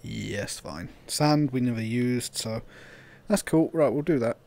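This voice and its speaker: Swearing gamer, lively pitch. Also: male voice, a little slow. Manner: swears a lot, laughs, gets loud and disbelieving. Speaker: gaming YouTuber. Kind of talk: casual gameplay commentary.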